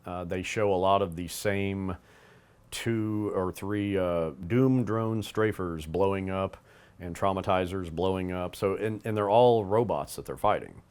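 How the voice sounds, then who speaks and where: A man's voice: low-pitched, unhurried, darkish tone, clear, resonant tone. A man co-hosting, talking casually about a cartoon and its toys, rambling with fillers and restarts. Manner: rambling, with fillers and restarts, acts out bits of dialogue.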